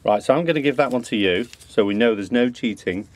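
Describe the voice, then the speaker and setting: A man's voice: mid-range voice, fast. Joking Liverpool man hosting a show. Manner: jokey, chatty banter. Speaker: show host. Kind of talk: casual chat presenting a music show. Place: studio.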